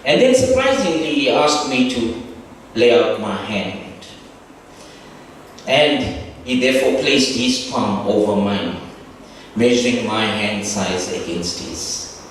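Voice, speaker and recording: Taking it slowly with long pauses, a middle-aged man tells reflective, warmly funny stories as a tribute at a reunion in a large echoey hall. His medium-pitched voice is animated, and the distant, echoey recording has faint ambience and slight background noise.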